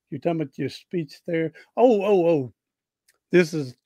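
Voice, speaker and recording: A man's voice: fairly high pitch, darkish tone, no echo. A man hosting a podcast interview, telling rambling, folksy anecdotes with frequent restarts. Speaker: podcast host. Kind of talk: casual interview storytelling.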